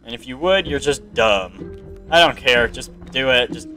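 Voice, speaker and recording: Excitable man narrating his gameplay. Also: medium pitch, normal speed, faint music behind. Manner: excitable, exclaiming, reads game text aloud. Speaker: gamer playing a card game on video. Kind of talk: casual let's-play commentary.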